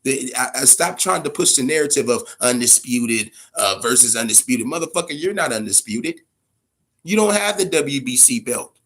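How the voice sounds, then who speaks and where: A man hosting a boxing commentary vlog, ranting casually in a profane, blunt, animated way. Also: mid-range voice, normal speed, husky. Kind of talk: casual opinion rant.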